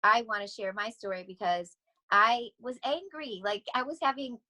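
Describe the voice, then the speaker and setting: A middle-aged woman talking casually as a podcast guest, rambling and animated, often laughing as she speaks. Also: on the high side, normal speed, poor audio. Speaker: podcast guest, vocal coach. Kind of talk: casual interview chat.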